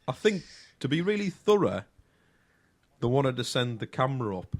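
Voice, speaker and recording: A man's voice: mid-range voice, big pitch swings, normal speed, a little mellow. Rambling man, lots of ums. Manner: rambling, hesitant, lots of ums, crude humour. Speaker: podcast co-host. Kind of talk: casual chat.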